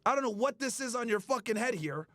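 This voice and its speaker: A man's voice: extremely high pitch, lively intonation, fast, a bit bright, no room sound, studio quality. A man hosting a stream, delivering a heated, profane rant that mocks the people he talks about. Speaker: streamer host. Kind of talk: angry ranting commentary.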